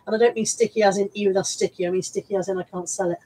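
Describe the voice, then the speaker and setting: A woman's voice: mid-range voice, steady tone, rapid-fire, dark tone, husky, low-quality recording. A woman with a Bristol accent, chatting casually on a live stream while showing her thrift haul, rambling and restarting her words. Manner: chatty, rambling, repeats words and restarts, reads out viewer comments.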